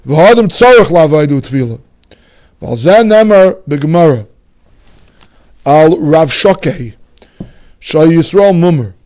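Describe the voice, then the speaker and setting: A man's voice: a little high, expressive, unhurried, pauses often, darkish tone. A man, teaching a Torah lecture as a rabbi, emphatic and full of rhetorical questions.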